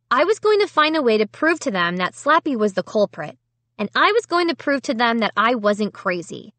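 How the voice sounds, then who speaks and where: A woman's voice: medium pitch, a bit bright, dry recording. A woman narrating a scary children's book in first person, with dramatic, tense storytelling. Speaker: audiobook narrator. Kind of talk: expressive audiobook reading.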